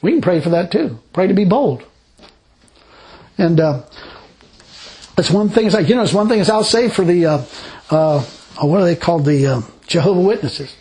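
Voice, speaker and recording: Folksy preacher man, high voice. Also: normal speed, long pauses, poor audio. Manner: folksy, rambling, animated storytelling with laughs. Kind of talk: informal sermon with personal stories.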